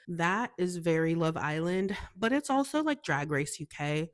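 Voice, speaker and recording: Young american woman, low voice, bubbly and gushy, just chatting away. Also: unhurried. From United States. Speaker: podcast host. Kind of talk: casual solo chat.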